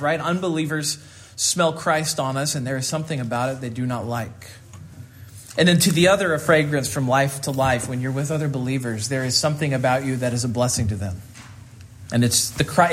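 Earnest male pastor preaching. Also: fairly high pitch. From rural Kansas. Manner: earnest, repeats phrases for emphasis. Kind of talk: sermon.

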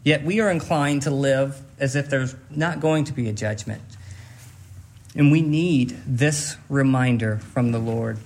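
A male pastor delivering a Sunday sermon in an earnest, emphatic way. His voice sits a little high for a man, and he leans on repeated phrases to press each point home.

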